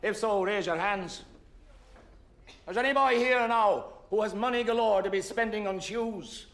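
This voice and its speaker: An actor playing a stern middle-aged schoolmaster who lectures a class with mocking rhetorical questions. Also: male voice, high-pitched, normal speed, fairly bright tone, roomy sound. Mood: lecturing. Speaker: schoolmaster in a film.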